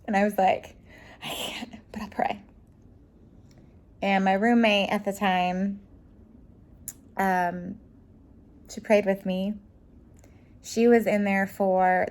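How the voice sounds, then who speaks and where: A woman's voice: fairly low pitch, darkish tone. A young woman speaking as a lifestyle vlogger, telling a raw personal story with many "like" fillers and acting out the dialogue she remembers. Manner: acts out quoted dialogue in her own voice.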